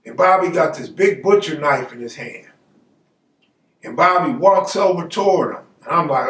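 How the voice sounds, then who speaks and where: A man with a fairly high voice tells true stories in a loose, slangy way and acts out the voices of the people in them. He sounds a little away from the mic. The room adds a noticeable echo. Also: normal speed, a bit bright. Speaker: storyteller host. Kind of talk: casual true-story telling. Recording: roomy, distant mic.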